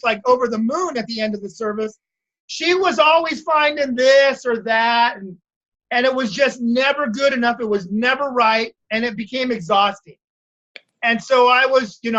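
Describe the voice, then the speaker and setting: Bright-voiced man coaching over a video call. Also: very high-pitched, muffled recording. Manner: storytelling, asks the group for agreement. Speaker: salon coach leading a stylist call. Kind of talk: casual group coaching talk.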